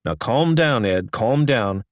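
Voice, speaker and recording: A man's voice: medium pitch, lively intonation, slow, dry recording, clean studio sound. A man doing a clipped, stiff chairman. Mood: forceful.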